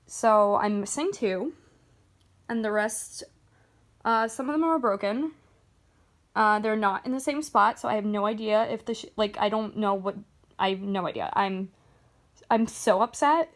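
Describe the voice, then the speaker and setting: A woman's voice: medium pitch, unhurried, long pauses. A woman beauty vlogger chatting casually about her makeup, with lots of ums and likes. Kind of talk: casual chat showing makeup. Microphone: phone.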